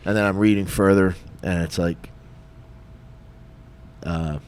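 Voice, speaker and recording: Deep voiced ex cop co-hosting a podcast, chatty storyteller, does the voices. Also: male voice, takes it slowly. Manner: animated, acts out dialogue, frequent fillers. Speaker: podcast co-host, retired police officer. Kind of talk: casual storytelling.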